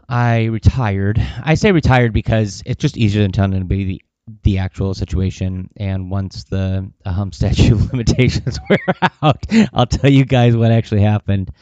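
A man's voice: fairly low pitch, moderate pace, warm tone, clean tone, no echo. Man, casual vlog, rambling, swears, dull lo-fi dry recording. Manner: rambling, profane, with many fillers. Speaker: vlogger.

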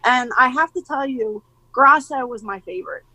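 A woman in her forties, a mother of young skateboarders, chatting in an interview as an animated storyteller who acts out what others said and laughs often. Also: high voice, normal speed, no echo, poor audio. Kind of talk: casual interview chat.

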